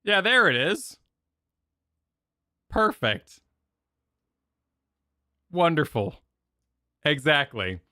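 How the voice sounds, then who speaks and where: A young man reacting on stream in loose, rambling bursts, circling back over his own words. His pitch swings widely as he gets excited. The sound is close and dry. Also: drawn-out words, long pauses, no room sound. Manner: rambling, animated, full of restarts and filler. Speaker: streamer reacting to event videos. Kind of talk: casual reaction chat.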